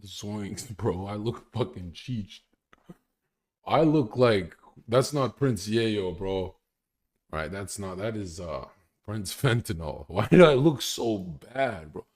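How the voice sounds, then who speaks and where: A man's voice: lowish voice, expressive, slow pace, darkish tone. A young man ranting casually on a live stream, crude and boastful, laughing often as he talks. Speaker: livestreamer.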